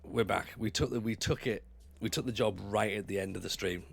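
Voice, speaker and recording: A man's voice: on the low side, a little fast, gravelly, slight background noise. A man streaming from home, chatting casually and animatedly with his live chat. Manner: chatty, animated, often laughs.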